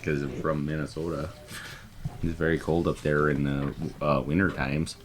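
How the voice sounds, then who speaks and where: A man's voice: a bass voice, little pitch movement, moderate pace, slight background noise. A man playing a tabletop role-playing game, joking around with snarky asides. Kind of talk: casual tabletop game chat.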